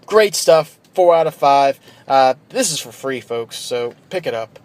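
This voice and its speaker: A man's voice: medium pitch, animated, a little slow, darkish tone. A man casually reviewing a comic book, rambling with fillers and restarts.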